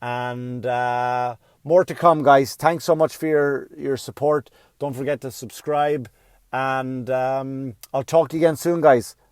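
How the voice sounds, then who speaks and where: A male comedian hosting his own podcast, ranting loudly and profanely in a comic monologue. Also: medium pitch, steady tone, measured pace, smooth, dry recording, studio quality. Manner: loud, yelling, profane.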